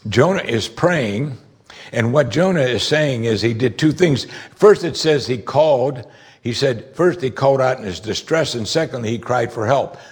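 Male pastor, husky voice, mid pitch, earnest sermon delivery with emphatic peaks. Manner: earnest preaching, rising to emphatic outbursts.

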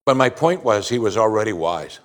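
A man, the pastor, preaching a sermon with emphatic declarations and quiet asides. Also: on the low side, animated, fairly quick.

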